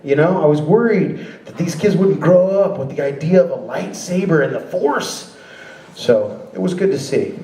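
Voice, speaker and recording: Man, stand-up comic, animated and profane, bursts of shouting, slightly high voice, roomy club, laughing crowd. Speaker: stand-up comedian. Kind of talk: stand-up comedy set. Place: comedy club stage with a laughing audience. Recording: roomy live club recording from a distance.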